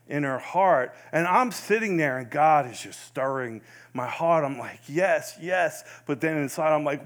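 A man telling an earnest testimony story, repeating phrases and dropping soft for emphasis. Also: on the high side.

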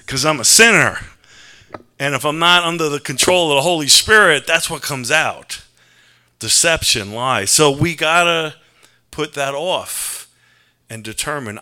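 A man preaches in an earnest, conversational way, as if talking to a friend. His voice is strikingly bright and forward, and his pitch sits in a middling range. He weaves personal confession into his sermon. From New York. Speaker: pastor.

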